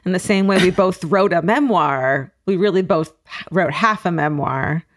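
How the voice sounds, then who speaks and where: A woman's voice: lowish voice, normal speed. A woman with a Californian accent, co-hosting a podcast, joking and bantering with frequent laughs. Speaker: podcast co-host. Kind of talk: casual chat.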